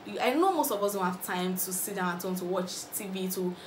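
Nigerian girl spilling reality show gist super fast, echoey room, a bit of background hum. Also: mid-range voice. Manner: animated gossipy storytelling, acting out others' lines. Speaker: vlogger. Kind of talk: casual reality-show recap. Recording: roomy echo with faint ambience.

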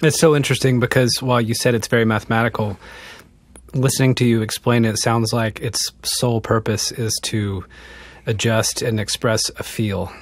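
A man's voice: mid-range voice, steady tone, moderate pace, no room sound. A man hosting a podcast interview, reflecting aloud on what his guest said, with a few restarts. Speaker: podcast host.

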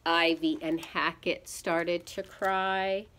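A woman reading a picture book aloud to young children, pausing to ask them gentle teacherly questions. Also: lowish voice, little pitch movement, slight background noise. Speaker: storyteller for children.

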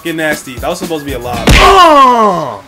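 A young man commentating his own basketball video game play, swinging between frustrated grumbling and excited outbursts. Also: a little high, racing, loud music behind the voice. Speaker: gaming YouTuber. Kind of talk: live gameplay commentary.

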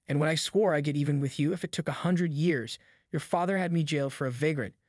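A man voicing a vengeful, menacing rough backwoods man, with a cold, threatening drawl, in an audiobook. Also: fairly high pitch, quick pace, a little mellow, no echo, clean studio sound, lightly acted. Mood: bitter.

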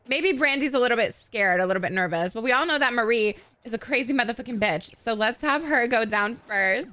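A woman hosting casual gameplay commentary, loud, excitable and crude. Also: on the high side, brisk, few pauses. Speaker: gaming host.

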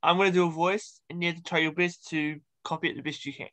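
Male host, casual interview, playful, laughs easily, fairly high voice. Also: steady tone, fast talker, sharp tone.

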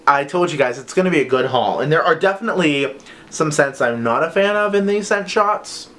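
A man's voice: a little high, expressive, fairly quick, a bit bright. Chatty enthusiastic man reviewing scents. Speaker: vlogger reviewing wax melts. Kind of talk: casual haul review.

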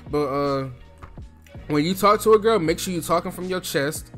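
A man's voice: fairly high pitch, moderate pace, fairly bright tone, faint music behind. A young man from New Jersey giving casual advice in a loose, slangy, chatty way, speaking from his throat.

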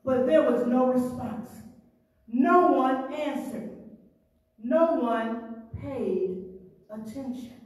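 A woman pastor preaching a sermon with animated delivery, repeating words as she goes and laughing now and then. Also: high-pitched, extremely slow, pauses often, heavy reverb, recorded from a distance.

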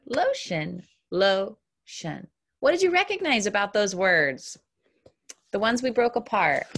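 Kindergarten teacher, woman: slow, deliberate sounding-out, bouncy lively pitch, upbeat and encouraging. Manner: slow, clear, exaggerated word modeling. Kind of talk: online phonics lesson for young children.

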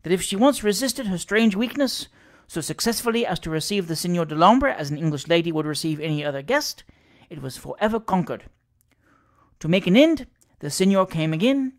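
A reader narrating a classic ghost story aloud in a measured storytelling manner. The voice sits in a middle range. The delivery is steady and unhurried. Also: mid-range voice. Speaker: audiobook reader. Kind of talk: classic fiction read aloud.

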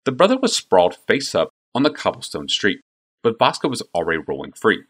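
Deep-voiced, expressive male narrator. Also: a little fast, husky. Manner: expressive storytelling. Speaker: audiobook narrator. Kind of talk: scripted narration.

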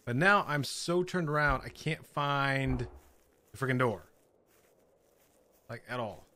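A man's voice: mid-range voice, takes it slowly, sharp tone, a little hiss or hum. A man playing a horror game, nervously commenting, laughing and swearing as he goes. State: scared, on edge. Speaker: gaming channel host.

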